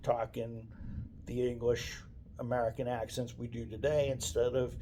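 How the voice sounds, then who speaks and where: Mellow-voiced man rambling casually. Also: mid-range voice, flat delivery, normal speed, slight background noise. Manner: meandering, hesitant, often restarts sentences. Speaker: daily video blogger. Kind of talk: casual off-the-cuff monologue.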